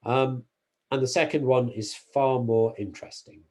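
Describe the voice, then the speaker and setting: A man giving a university mathematics lecture, explaining carefully, pausing on fillers and correcting himself. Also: mid-range voice, steady tone, darkish tone.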